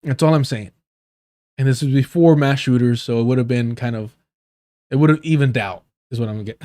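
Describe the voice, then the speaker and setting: Brief: male streamer, mellow tone, dry close sound, swears and jokes while reading aloud. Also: mid-range voice, fairly even intonation, a little fast, long pauses, no room sound. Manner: profane, joking asides between reading. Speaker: livestream host. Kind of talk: casual livestream commentary, reading an article aloud.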